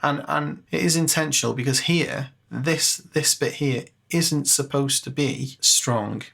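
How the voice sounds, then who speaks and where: Male music tutor, mid pitch with some fry, talks casually and thinks aloud at a desk mic. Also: a little slow, fairly bright tone. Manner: chatty, self-mocking, thinks aloud with fillers. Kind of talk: casual screen-share tutorial.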